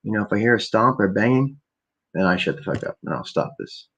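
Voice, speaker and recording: A man's voice: lowish voice, expressive, fairly quick, fairly bright tone. A man hosting a rambling late-night solo podcast at home on a laptop, swearing constantly and talking while stoned. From Canada. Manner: profane, rambling, stoned, ranting. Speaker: podcast host. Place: home at night, keeping quiet for neighbors.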